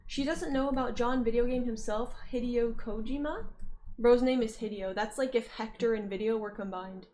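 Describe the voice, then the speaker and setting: A young woman with a slightly high voice chats casually on a livestream. She reads her chat's messages aloud and teases back, laughing often and humming or singing bits between answers. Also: fairly even intonation, normal speed, darkish tone, slight background noise. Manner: playful, teasing, laughs often and hums or sings in snatches. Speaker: streamer reading chat.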